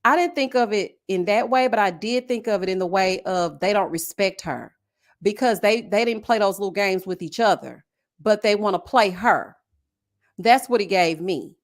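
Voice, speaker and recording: A woman with a medium-pitched voice and moderate pace hosts a casual livestream recapping a reality show, chatty and sassy as she reads viewer comments out loud. She mimics the cast's lines in over-the-top whiny voices.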